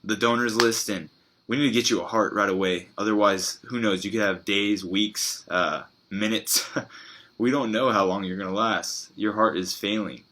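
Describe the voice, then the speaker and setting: Earnest man preaching a bright sermon. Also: on the low side, steady tone. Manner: earnest storytelling with halting pauses and fillers. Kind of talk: sermon with a told story.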